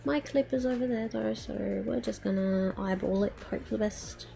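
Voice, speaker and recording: A woman's voice: fairly high pitch, normal speed, gravelly, mellow, faint music behind. A woman streamer chatting casually to her viewers while she crafts, muttering to herself with playful baby-talk words.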